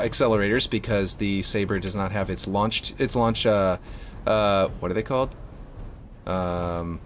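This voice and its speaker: A man's voice: fairly low pitch, slight background noise. A man from Louisiana with a light Louisiana accent, chatting casually and rambling while he builds a game map on a livestream. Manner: rambling, lots of fillers, laid-back.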